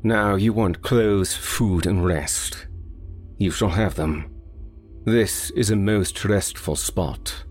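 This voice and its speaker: A man reading the part of a cultivated older general with a slight accent, measured and polite with a faint menace. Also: low voice, a little mellow, faint music behind, voice pushed up. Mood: suave.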